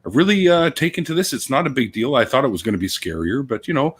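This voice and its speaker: A man voicing a cheerful guy in a joke he is telling, with a husky voice. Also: medium pitch, sing-song, quick pace, pitched above the performer's own voice. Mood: chipper.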